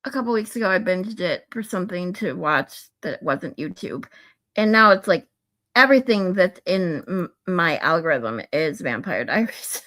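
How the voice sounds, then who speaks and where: A woman hosting a livestream, chatting in a relaxed, easy way. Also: on the low side, moderate pace. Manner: relaxed, chatty, laughing often. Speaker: livestream host. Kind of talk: casual livestream chat.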